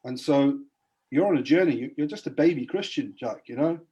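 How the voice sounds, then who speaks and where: A man's voice: mid-range voice, expressive, brisk, mellow, dull audio. A man giving a spoken testimony as a podcast guest, earnestly retelling a Bible story in a preacher-like way.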